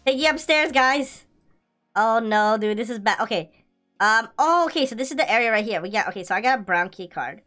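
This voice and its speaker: Brief: high-ish, bright woman narrating gameplay, excitable and loud, faint game music behind. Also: moderate pace. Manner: excitable, laughing, pleading and shouting. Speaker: gaming video creator.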